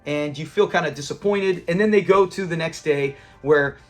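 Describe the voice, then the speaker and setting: A man hosting a review channel, casually recapping a sitcom episode, animated and acting out the characters' lines with bursts of laughter. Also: on the high side, normal speed, faint music behind. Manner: animated, acts out quoted lines and laughs while retelling.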